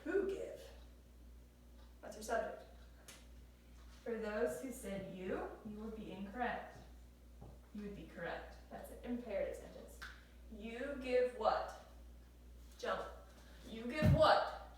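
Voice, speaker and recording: A high-pitched woman walks a class through grammar, coaxing and repeating questions. She sounds set back from the mic in a very echoey room with a faint hiss. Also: measured pace, pauses often, far from the mic. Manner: encouraging, repeats questions, drawls y'all. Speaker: teacher.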